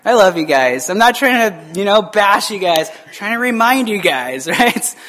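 Guy pastor preaching super casual, animated, lots of restarts and little laughs. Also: high-pitched, normal speed. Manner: animated, acting out quoted voices. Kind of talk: conversational sermon. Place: church sanctuary, also streamed online.

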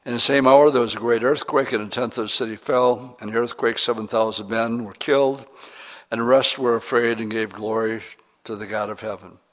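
A middle-aged man preaching as a pastor, reading scripture slowly and then explaining it in plain, conversational words with questions to the congregation. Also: medium pitch, fairly even intonation. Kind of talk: verse-by-verse Bible teaching sermon.

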